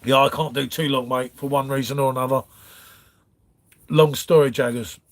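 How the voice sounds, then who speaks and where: A man's voice: mid-range voice, steady tone, normal speed. A man hosting a casual livestream from his front room, rambling through viewer comments and calling everyone mate. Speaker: livestream host. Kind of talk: casual live chat reading comments.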